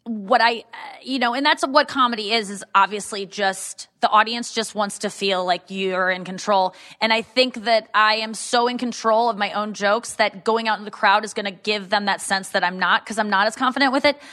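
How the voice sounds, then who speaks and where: A woman's voice: mid-range voice, normal speed, few pauses, sharp tone. A woman comedian in casual podcast talk, chatty and self-deprecating, often restarting her sentences. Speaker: comedian guest.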